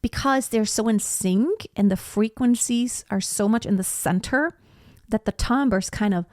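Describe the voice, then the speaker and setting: A woman's voice: fairly high pitch, a little slow, a little mellow, no room sound, studio quality. A woman opera singer casually reacting to a performance and explaining vocal technique with enthusiasm. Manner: enthusiastic, explanatory, sings short demonstration notes.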